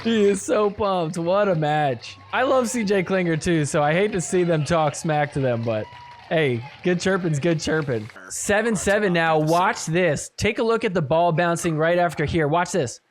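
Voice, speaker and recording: Male podcast host, lively and laughing, commenting on clips, with faint hiss underneath. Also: a little high, moderate pace. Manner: animated, laughing often, mock-quoting players. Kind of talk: casual commentary over match footage.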